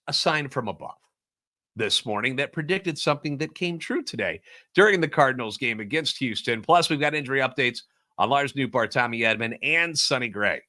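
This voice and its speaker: A man's voice: mid-range voice, sharp tone. A man hosting a solo sports podcast, ranting sarcastically and animatedly about overreactions. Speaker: podcast host.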